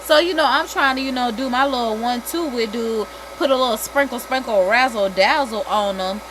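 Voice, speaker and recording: Animated gossiping woman in her thirties. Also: on the high side, fairly quick, background noise. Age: 30s. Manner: animated, swearing, laughing between stories. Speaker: livestream host. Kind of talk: casual gossip chat.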